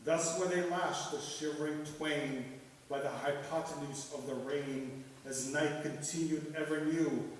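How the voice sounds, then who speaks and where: A poet from Russia giving a live poetry reading, with wry, dry asides between poems. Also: male voice, on the high side, fairly even intonation, a little slow, a little hiss or hum. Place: festival event hall. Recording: echoey hall, mic at a distance.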